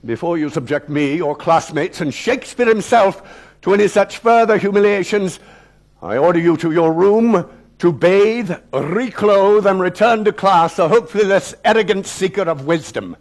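A man's voice: high voice, normal speed, voice pushed up, close to an everyday voice. A man playing a furious older male schoolmaster who screams insults at a pupil and gives cold, stern orders. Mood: icy stern. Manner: screaming, spitting rage, then icy stern command. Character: furious older male British headmaster, tyrannical. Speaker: headmaster.

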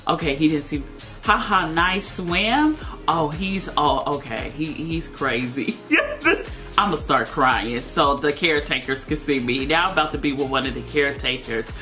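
A woman's voice: low-pitched, animated, a little slow, sharp tone, faint music behind. A young woman giving playful gameplay commentary, dramatic and laughing as she talks to her viewers. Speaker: gaming video creator.

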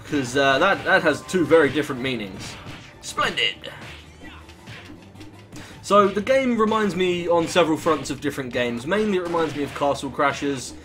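A man's voice: fairly high pitch, animated, a little fast, hardly any pauses, fairly bright tone, faint music behind. A young British man giving rambling, jokey, sweary commentary while playing a video game. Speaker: gaming YouTuber. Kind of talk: gameplay commentary.

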